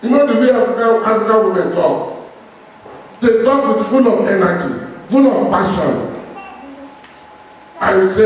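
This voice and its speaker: High-voiced pastor preaching in an echoey hall. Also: male voice, expressive, recorded from a distance, slight background noise. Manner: impassioned preaching with long pauses. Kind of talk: sermon. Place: church hall. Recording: echoey hall, heard from afar.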